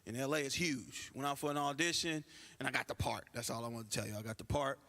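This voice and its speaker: A man doing a stand-up comedy routine with animated storytelling, acting out the voices of other people. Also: mid-range voice, fast talker. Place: church stage before a live audience.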